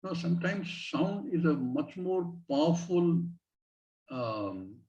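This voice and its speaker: A man teaching a scripture class. He explains each point slowly and in a measured way, and recites Sanskrit syllables as he goes. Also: a little high, sing-song, mellow, recorded from a distance. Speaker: Vedanta teacher. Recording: dull lo-fi recording.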